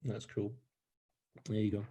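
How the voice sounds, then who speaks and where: A man hosting a webinar over a video call, relaxed and friendly, reading viewer comments and asking interview questions. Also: lowish voice, a little slow, husky. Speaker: webinar host.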